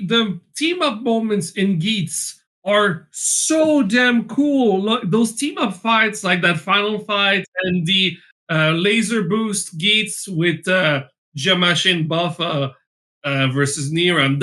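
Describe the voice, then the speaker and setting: A man chatting casually, taking his time with filler pauses. His voice is high for a man and very bright. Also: animated. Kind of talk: casual chat.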